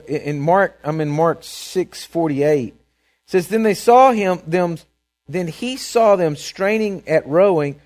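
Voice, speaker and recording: High-voiced man preaching conversationally. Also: a little mellow. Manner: conversational storytelling, frequent "right?" and "okay?" check-ins, stammered restarts. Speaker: pastor. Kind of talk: sermon.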